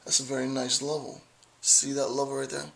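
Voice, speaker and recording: A man's voice: medium pitch, little pitch movement, fairly quick, creaky, pushed and bright. A man talking to the camera in a rambling philosophical monologue, playful and digressive, often checking in with "right?". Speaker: video blogger.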